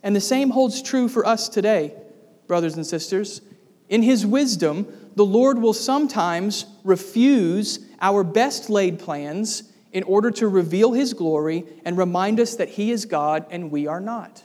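A man's voice: high-pitched, a little slow, a little mellow. A man preaching a sermon, speaking emphatically and putting rhetorical questions to the congregation. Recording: long reverb of a large hall.

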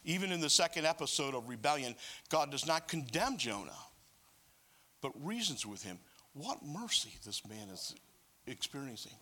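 A man preaching a sermon in an animated way, with joking asides. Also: mid-range voice, normal speed.

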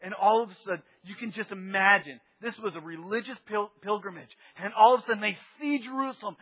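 A man pastor tells a story in an animated sermon, swinging between loud bursts and near-murmurs. His voice is high for a man and husky. The recording is dull and lo-fi, with a long reverb from the sanctuary.

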